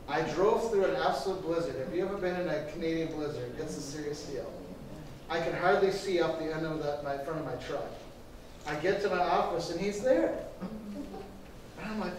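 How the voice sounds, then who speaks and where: Storytelling pastor in an echoey church. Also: male voice, on the high side, fairly quick, a little hiss or hum. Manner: storytelling, animated quoted voices. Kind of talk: sermon to a church class. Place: church classroom. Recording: echoey room from far off.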